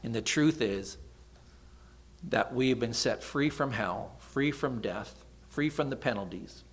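A middle-aged man preaching a sermon in an animated, dramatic way, dropping into sudden soft asides. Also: medium pitch, a little slow.

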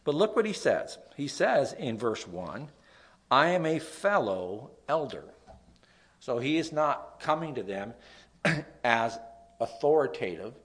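A young man with a nasal voice, a pastor preaching a sermon, dropping to soft asides and rising to loud emphasis. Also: medium pitch, big pitch swings, a little slow, breathy edge.

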